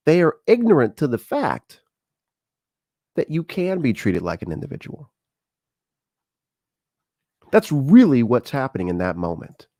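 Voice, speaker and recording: A man's voice: medium pitch, no room sound, studio quality. A middle-aged man hosting a talk show, talking casually and telling stories with acted-out dialogue. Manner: conversational, animated storytelling with acted-out dialogue. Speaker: show host.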